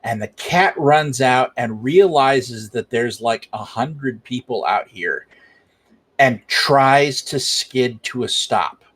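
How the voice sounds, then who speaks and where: A man narrating a tabletop role-playing game as game master, often pausing on fillers. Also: medium pitch, lively intonation, a bit bright, breathy edge. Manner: hesitant, many fillers.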